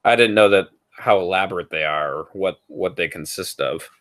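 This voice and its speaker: A man's voice: low-pitched, moderate pace. Curious man asking casual questions. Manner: relaxed, curious, asks many questions. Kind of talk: casual podcast chat.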